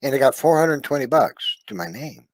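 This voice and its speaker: A man's voice: medium pitch, sing-song, moderate pace, no echo. Earnest man giving a personal testimony. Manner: earnest and confiding, often trailing off softly and tagging on "right?". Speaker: storyteller sharing a personal testimony.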